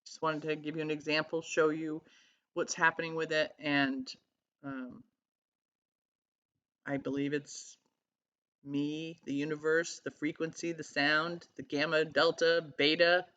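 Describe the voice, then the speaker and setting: A woman talking in a casual vlog, earnest and halting as she searches for words. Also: low-pitched, level tone, fairly bright tone. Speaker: vlogger. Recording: slightly dull lo-fi sound.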